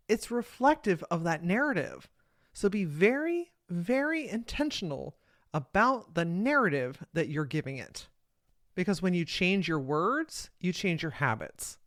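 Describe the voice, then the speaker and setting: A woman's voice: fairly low pitch, fairly bright tone, dry recording, clean studio sound. A woman hosting a solo podcast, speaking with energy and emphasis in a casual, motivational style and swearing now and then. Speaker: podcast host and coach.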